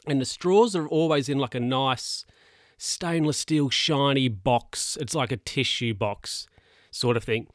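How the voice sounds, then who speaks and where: A man's voice: medium pitch, measured pace, no room sound, clean studio sound. A man in a casual monologue, rambling through anecdotes in a chatty way and laughing at his own stories.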